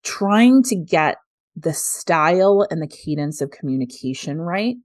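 A woman's voice: low voice, expressive, measured pace, a little mellow, no echo, studio quality. A woman in her thirties, a business executive answering interview questions in an earnest, reflective way with frequent laughs. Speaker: guest, revenue executive. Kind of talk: conversational interview.

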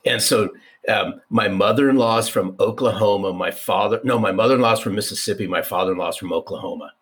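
A man in his fifties, a podcast guest telling a personal story in an animated, repeating way. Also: fairly low pitch, fast. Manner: animated, restarts, repeats for emphasis. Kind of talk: conversational storytelling.

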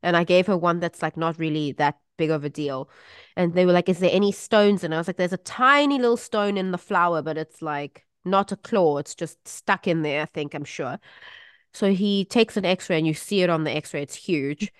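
A woman co-hosting a casual chat and telling an animated family anecdote with frequent laughter. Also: lowish voice, moderate pace, clear, resonant tone, no echo, clean studio sound. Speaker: podcast co-host.

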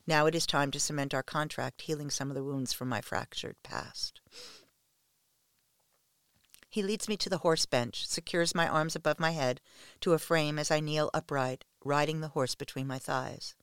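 A man reading a first-person story aloud in a slow, hushed, measured way. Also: a little high, clear, resonant tone, dry recording, clean studio sound.

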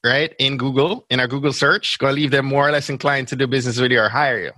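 A man's voice: mid-range voice, fast, sharp tone, no room sound. A man with a Jamaican accent, a podcast guest explaining things step by step in casual interview talk. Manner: explains step by step, often checks in with "right?". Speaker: podcast guest, brand strategist.

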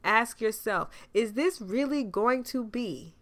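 A woman's voice: a little high, lively intonation, takes it slowly. A young adult woman hosting a podcast, giving a loose, conversational spiritual reading full of fillers and playful dramatic asides. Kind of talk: casual spiritual advice monologue.

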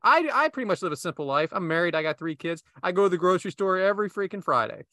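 A man's voice: sits high, expressive, fast talker, pushed and bright, no echo, clean studio sound. A man hosting a casual podcast, telling a rambling story full of self-asides. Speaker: podcast host.

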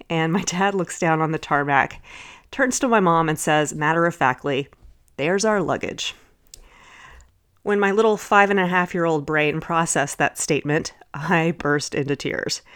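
Podcast host, middle-aged woman from Texas, lively storyteller, lowish voice. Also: smooth. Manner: lively anecdotal storytelling with chuckles.

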